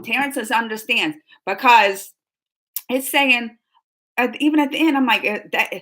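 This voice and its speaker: Leading a casual reaction show, a woman rambles animatedly and emphatically with those in the room around her. She speaks at normal speed, her voice on the high side.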